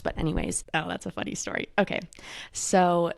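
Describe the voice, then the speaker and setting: A woman's voice: fairly low pitch, very animated, a little fast, vocal fry, dry recording, studio quality. A young woman in her twenties hosting a casual podcast, chatting and gossiping as she quotes herself. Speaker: podcast host. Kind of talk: casual chat.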